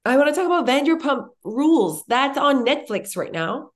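A woman's voice: high-pitched, very animated, normal speed. A woman with a strong accent, co-hosting a podcast and chatting eagerly about shows she loves. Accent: strong non-native accent in English. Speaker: podcast co-host. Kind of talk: casual chat.

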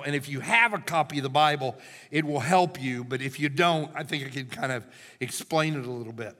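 A male pastor preaching a sermon in a church sanctuary, emphatic and animated, often checking in with his listeners. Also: mid-range voice. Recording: long hall reverb.

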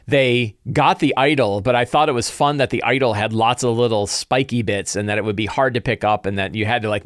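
A man's voice: fairly low pitch, dry recording, clean studio sound. Man thinking aloud about game prep. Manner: thinking aloud, loose and conversational. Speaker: game master. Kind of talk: casual solo game-prep talk.

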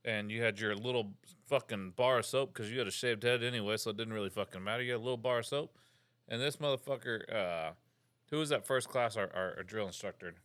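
A man telling Coast Guard boot camp stories in animated, heavily profane casual chat. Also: fairly low pitch, fast, dry recording. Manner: animated, heavy cursing, acts out quotes. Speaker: podcast host, Coast Guard veteran. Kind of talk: casual storytelling.

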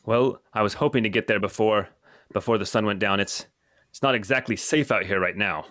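Tabletop role-play figure: man voicing a fiftyish trader, wary and polite, put-on accent, pitched slightly up. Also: a little fast, a bit bright, no room sound, studio quality, close to an everyday voice. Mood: worried. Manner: a vague, shifting put-on accent. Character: fiftyish male lantern-carrying trader, wary but friendly.

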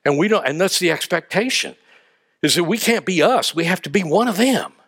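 A man preaching a sermon, telling stories with lively acted-out voices and asides. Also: sits high, a little fast, husky. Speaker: pastor.

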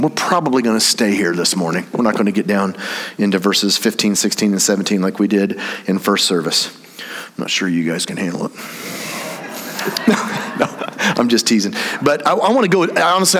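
A man's voice: medium pitch, fairly bright tone. A pastor preaching a sermon in a church service, talking conversationally and making teasing asides while he explains the grammar of a verse. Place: church sanctuary during a service. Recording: long hall reverb from a church sanctuary.

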